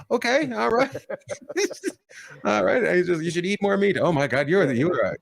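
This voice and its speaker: A man hosts a loose comedy chat over a video call, teasing his guests as he goes. His voice has a gravelly edge. His pitch swings widely from low to high. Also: a little slow, dry recording. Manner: jokey, teasing, animated. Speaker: host.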